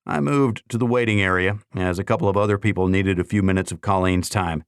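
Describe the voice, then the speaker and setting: Low-voiced male audiobook narrator. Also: fairly quick, clean tone, dry recording, clean studio sound. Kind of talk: scripted first-person narration.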